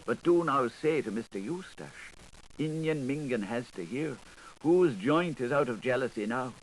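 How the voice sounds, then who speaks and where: A man reading an unabridged literary audiobook in a lilting, sing-song recitation with wide swings in loudness. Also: mid-range voice, expressive, moderate pace, low-quality recording. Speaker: audiobook narrator. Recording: 1980s studio tape, faint hiss.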